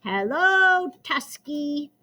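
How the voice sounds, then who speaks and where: A woman's voice: high voice, big pitch swings, extremely slow, sharp tone, voice pushed up, exaggerated voice. A woman voicing a wise old female elephant aunt who speaks in a windy, cool, slightly scary way. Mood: cool, measured.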